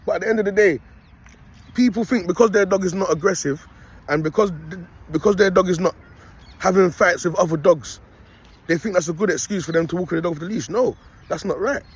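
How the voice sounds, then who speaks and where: A young man talks in a rambling, preachy monologue. His voice sits fairly high and sounds husky. He keeps circling back with slang tags. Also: fairly quick. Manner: rambling, street slang, repeats "you get me". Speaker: self-styled prophet vlogger.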